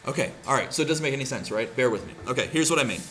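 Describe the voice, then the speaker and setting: An art teacher leads a craft class in a casual, chatty way, demonstrating as he goes and often checking in with "right?" His mid-range voice is expressive, very fast, bright and forceful. There's a little hiss or hum in the audio.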